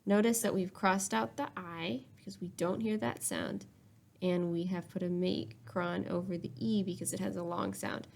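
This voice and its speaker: A woman's voice: on the low side, fairly even intonation, normal speed, gravelly, a little mellow, slight background noise. A woman teacher giving a recorded spelling lesson to young children, explaining each step patiently. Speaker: third-grade teacher.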